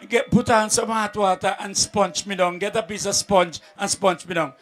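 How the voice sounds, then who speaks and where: A man with a Vincentian accent voicing a sly wife who moans softly. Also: high-pitched, fairly even intonation, normal speed. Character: sick, sly wife, adult woman.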